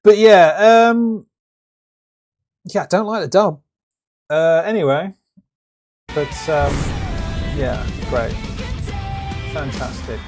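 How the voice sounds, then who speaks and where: Male streamer, gravelly voice, rambling live reaction chat, lots of restarts, faint music under him. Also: fairly high pitch, takes it slowly, pauses often. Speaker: stream host reacting to a game trailer. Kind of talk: casual live reaction commentary.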